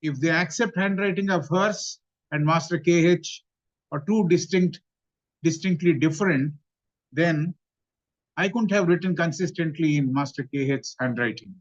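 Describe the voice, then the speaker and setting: A man with an Indian English accent lectures in a measured, repetitive way. His voice sits a little high. The recording is dull and lo-fi. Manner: measured, recaps and repeats points. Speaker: lecturer on theosophy. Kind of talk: study-class talk.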